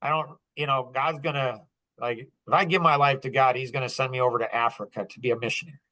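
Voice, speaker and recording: A man hosting a business podcast, telling a story in casual talk, animated and laughing often as he acts out dialogue. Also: mid-range voice, fast, low-quality recording. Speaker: podcast host.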